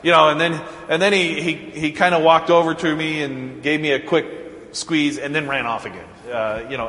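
A man preaching a sermon as a pastor, telling stories in a relaxed, conversational way with frequent chuckles. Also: on the high side, normal speed, slight background noise. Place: church sanctuary. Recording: echoey church hall, faint ambience.

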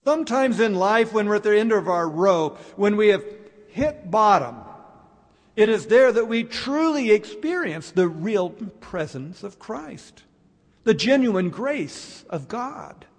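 A man preaching a sermon, slow and reflective, with dramatic pauses. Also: high voice, very animated. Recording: long hall reverb.

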